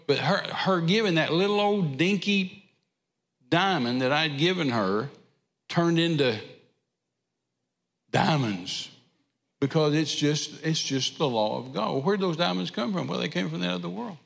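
A man's voice: fairly high pitch, vocal fry, a bit bright, in a large hall. A man preaching a sermon, telling a rambling folksy story with self-deprecating humor. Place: church sanctuary.

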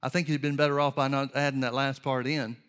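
A man preaching a sermon, teaching in an earnest, measured way and asking rhetorical questions. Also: medium pitch, little pitch movement, a bit bright, clean tone.

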